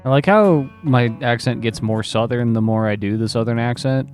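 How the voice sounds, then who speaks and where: A man from Arizona, a streamer, making relaxed offhand comments while playing a game. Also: mid-range voice, normal speed, soft background music. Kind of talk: casual gameplay commentary.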